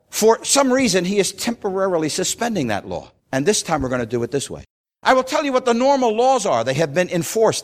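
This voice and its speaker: Preaching a sermon, a man with a fairly high voice retells scripture as dramatic storytelling, swinging between loud declarations and hushed passages.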